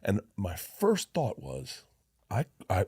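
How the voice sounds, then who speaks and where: A man telling a wild story on a podcast, animated and acting out the voices of people in it. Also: on the low side, takes it slowly, husky, no echo, clean studio sound.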